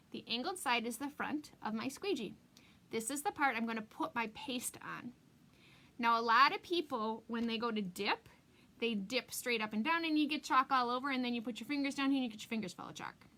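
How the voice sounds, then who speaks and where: Bright-voiced chatty woman crafting. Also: on the high side. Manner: chatty and easily distracted, laughing often. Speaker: craft demonstrator. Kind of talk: live craft tutorial with chat.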